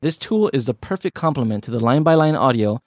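A man's voice: mid-range voice, animated, quick pace, no room sound, clean studio sound. A man co-hosting a casual language-learning podcast, explaining with jokes and everyday examples. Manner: chatty, joking, explains with examples. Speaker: language lesson co-host.

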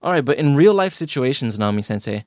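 A playful man co-hosting a language podcast, teasing his co-host and explaining points slowly and clearly. His voice sits at a middle pitch and sounds close and dry, with no room around it. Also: expressive, darkish tone, no room sound. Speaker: podcast co-host teaching Japanese. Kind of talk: casual language lesson banter.

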